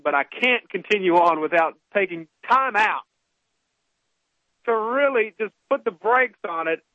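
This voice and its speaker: A man's voice: high-pitched, pushed and bright, no echo. A man hosting a call-in radio show, ranting heatedly about a newspaper column and stumbling over his words as he talks. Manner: heated, ranting, many restarts. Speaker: radio talk show host. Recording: dull lo-fi broadcast audio.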